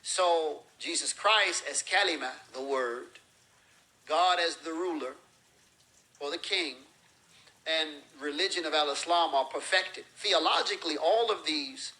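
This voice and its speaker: A religious teacher delivers an explanatory lecture in a bright, fairly high male voice. He draws on everyday examples and acts out short phrases as he goes. The audio is poor.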